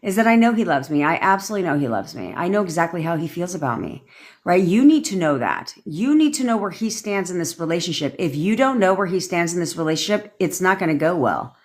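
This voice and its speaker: A woman's voice: fairly low pitch, sing-song, quick pace. A woman manifestation coach giving blunt, rambling advice on a live stream, swearing freely as she reads and answers viewer comments.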